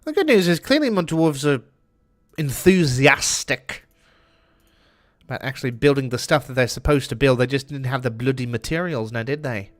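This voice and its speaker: A man's voice: mid-range voice, animated, moderate pace. A man streaming a game, chatting with viewers and cursing casually in a put-on British accent. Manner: chatty, swears often, answers chat while playing. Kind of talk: casual gameplay commentary.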